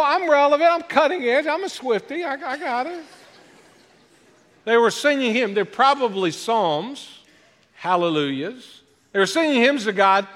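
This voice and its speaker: Animated high-voiced pastor preaching in a hall. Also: male voice. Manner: self-deprecating joking asides, animated delivery. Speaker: guest pastor. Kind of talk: sermon. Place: church sanctuary. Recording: long hall reverb.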